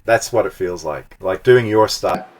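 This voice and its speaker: A man's voice: sits low, expressive, moderate pace, a little mellow, a little hiss or hum. A man, a singing student, describing his experience with his coach in a hesitant way, with many fillers. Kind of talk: testimonial interview.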